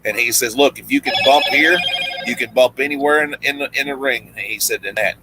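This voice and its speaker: A man with a drawl tells a loose, meandering story, stopping and restarting often. His voice is bright and forward, and he jumps into quoted lines as he recounts them. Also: medium pitch, brisk, slight background noise, rough recording. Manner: rambling, many restarts, acts out quoted lines. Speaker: guest storyteller, former pro wrestler. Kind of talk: casual storytelling chat.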